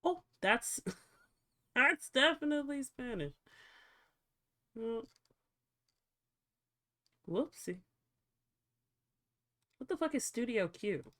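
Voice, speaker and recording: A woman streamer with a lively voice that swings high and low, talking casually to her chat at an unhurried pace. She swears freely and reacts out loud as she tinkers with her settings. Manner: expressive, swears freely, talks to chat while fiddling with settings. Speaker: livestreamer.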